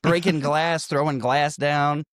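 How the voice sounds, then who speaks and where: A man co-hosting a podcast, casually recapping a movie in animated fashion, swearing and acting out the characters' lines. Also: on the high side, slow pace, dry recording, clean studio sound. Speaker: podcast co-host.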